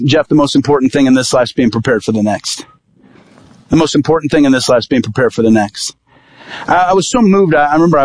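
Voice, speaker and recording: A man preaching as an evangelist, telling a personal story in a lively sermon style and acting out what people said. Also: a little high. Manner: vivid storytelling, acting out quoted dialogue.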